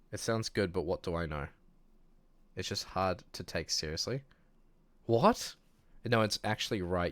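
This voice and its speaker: A young man with a New Zealand accent and a low, deep voice, talking casually to his stream while reading chat aloud. He is relaxed and chatty, laughs easily and often trails off mid-sentence. The sound is dry and close on the mic. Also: dry recording.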